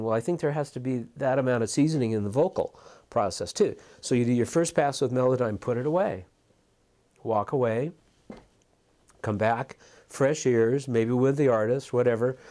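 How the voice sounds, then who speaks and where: A man's voice: medium pitch, warm tone. A middle-aged man talking reflectively in an interview as a music mixer, thinking aloud with frequent restarts and repeated words.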